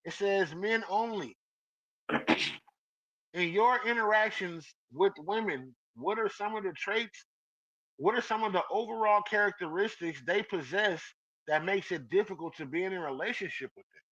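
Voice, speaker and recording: A man's voice: sits high, moderate pace, a bit bright, highs cut off. A man hosting a casual live podcast, teasing his listeners and calling them out by name, laughing often. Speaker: podcast host. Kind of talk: casual live-stream chat.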